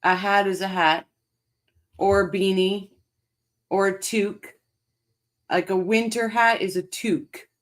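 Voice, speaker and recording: A woman's voice: medium pitch, steady tone, measured pace, long pauses. A woman hosting a casual livestream, laughing and chatting with viewers in the chat. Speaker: livestream host reading chat.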